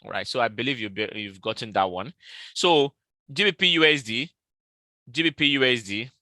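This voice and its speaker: A man hosting a live trading stream, repeating his trade calls and price levels slowly and talking straight to his viewers. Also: mid-range voice, sharp tone, no echo. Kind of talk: live market analysis stream.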